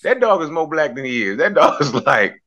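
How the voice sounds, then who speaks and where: A man's voice: on the high side, big pitch swings, brisk, sharp tone, highs cut off. A man co-hosting a comedy podcast, talking bluntly in casual chat and slipping into mocking impressions. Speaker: podcast co-host.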